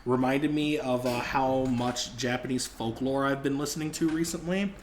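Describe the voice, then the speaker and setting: A man's voice: medium pitch, fairly even intonation, normal speed, over a noisy crowd. Joking young man, rambling podcast chat. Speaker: podcast co-host. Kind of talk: casual chat.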